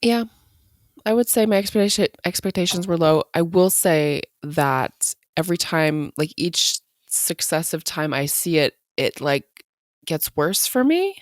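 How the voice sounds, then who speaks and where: A woman co-host with a notably deep voice who speaks in short, dry replies and simple agreement. Her talk is casual and unhurried, and the recording is close and dry, with no room echo. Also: lively intonation. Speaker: podcast co-host. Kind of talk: casual chat.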